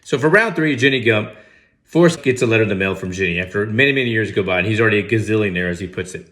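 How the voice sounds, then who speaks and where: A man's voice: fairly low pitch, animated, racing, fairly bright tone. Man, movie reaction host, casual comedic commentary, sarcastic, incredulous, mock outrage.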